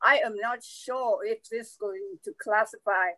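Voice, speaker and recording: A woman telling a folk tale aloud in a slow, conversational way, with asides to her listeners. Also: fairly high pitch, steady tone, bright, forceful tone, no echo, rough recording. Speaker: storyteller. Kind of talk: oral folk storytelling.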